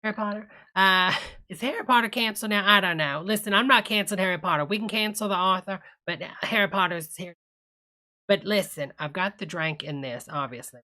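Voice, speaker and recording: A woman's voice: mid-range voice, a little fast, sharp tone, natural voice. A woman playing a gushing, tipsy church lady who hosts a live stream, calling her viewers honey and drawling chatty asides. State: tipsy from a cocktail. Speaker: livestream host reading chat.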